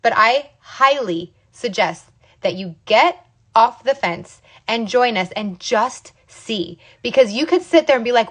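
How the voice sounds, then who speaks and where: Passionate young woman, sales rep, preachy pep-talk delivery, slightly high voice. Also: lively intonation, measured pace. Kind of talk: emotional motivational livestream talk.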